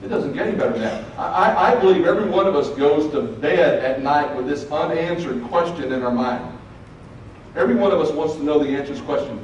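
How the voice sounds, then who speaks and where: Earnest motivational speaker in an echoey hall. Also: male voice, on the high side, lively intonation, fast talker, highs cut off. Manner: earnest, folksy, addresses audience directly. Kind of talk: motivational speech to students. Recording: very echoey, distant mic, faint noise.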